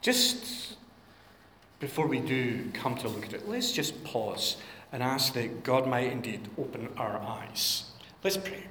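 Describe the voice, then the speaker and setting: A pastor giving a sermon and reading scripture in an earnest, measured, prayerful way. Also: male voice, medium pitch, animated, pushed and bright, slight background noise. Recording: echoey hall with long reverb.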